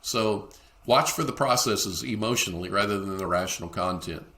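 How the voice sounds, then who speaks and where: Podcast host, middle-aged man, clear bright tone, talks listeners through ideas and plays out the lines he quotes. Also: lowish voice, moderate pace. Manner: acts out quoted dialogue in shifting voices. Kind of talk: solo podcast teaching talk.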